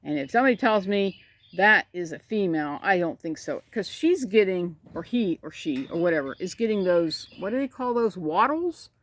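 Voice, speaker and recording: A woman's voice: fairly low pitch, lively intonation, moderate pace. A woman chatting about her backyard chickens, rambling and cooing at the birds, recorded outdoors on a phone. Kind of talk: casual chat. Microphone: phone camera.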